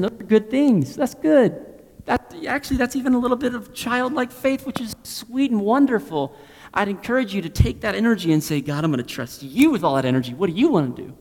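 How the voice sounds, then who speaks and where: A pastor with a voice on the high side delivers a sermon, swinging between loud emphasis and hushed near-whispers and repeating phrases to drive points home. The recording has a long reverb tail.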